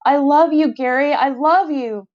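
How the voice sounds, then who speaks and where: A woman's voice: on the high side, moderate pace, warm tone, lightly acted. A woman voicing a male office worker who pleads urgently and insistently, heard on a slightly dull lo-fi recording. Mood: yearning.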